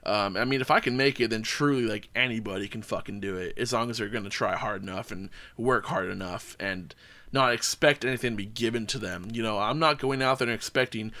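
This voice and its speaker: A man's voice: fairly low pitch, fairly quick, bright, forceful tone. A man hosting a podcast, chatting casually and telling a profane, rambling story. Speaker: podcast host. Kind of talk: casual chat.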